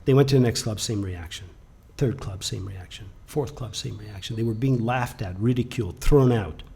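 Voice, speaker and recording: A man presenting a webcast, telling a motivational story with an animated delivery that swings from loud bursts to hushed lines. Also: on the low side, moderate pace, creaky, slight background noise.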